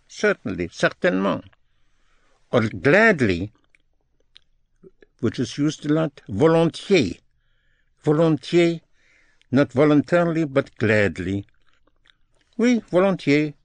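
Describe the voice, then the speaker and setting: A man giving a language lesson, saying each phrase slowly and with care. His voice sits in a middle pitch, and the recording is close and dry, with no room sound. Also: dry recording. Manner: slow, deliberate, repeats each phrase in two languages. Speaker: French teacher.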